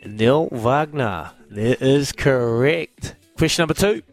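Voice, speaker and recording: A man's voice: medium pitch, lively intonation, slow. Kiwi male radio host, cheeky and playful with callers, light music bed. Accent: New Zealand. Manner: cheeky, teasing, laughs often. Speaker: radio sports quiz host. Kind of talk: upbeat radio banter with callers.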